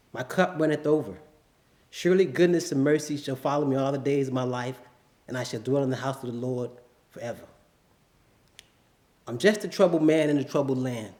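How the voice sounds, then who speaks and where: A man's voice: fairly high pitch, darkish tone. A man performing a spoken word poem at an open mic, reciting in a solemn, rhythmic way. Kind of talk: spoken word poetry reading. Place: live venue before an audience.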